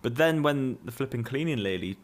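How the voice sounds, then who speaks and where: A podcast co-host who teases his partner and stumbles over his words, with frequent restarts. His voice has a middling male pitch. The delivery is loose and conversational. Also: expressive. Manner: teasing, halting, stammers. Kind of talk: casual chat.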